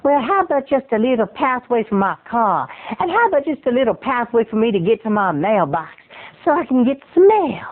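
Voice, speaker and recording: A man voicing an elderly Southern woman neighbor, slow and genteel, bargaining sweetly but pushily. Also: extremely high pitch, very animated, pitched above the performer's own voice. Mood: sweetly pushy. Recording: muffled lo-fi phone-like sound.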